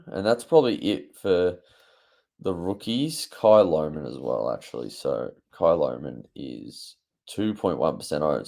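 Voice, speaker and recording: Speaking to camera in a relaxed, chatty way, this young fantasy football YouTuber uses lots of fillers and an offhand manner. His voice is deep, gravelly, and dark.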